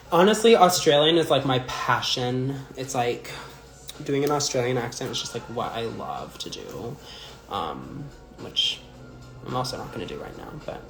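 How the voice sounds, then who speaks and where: A young adult man chatting casually on a livestream as a drag performer, rambling and full of filler words while answering viewer comments. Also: medium pitch. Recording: echoey room with faint music.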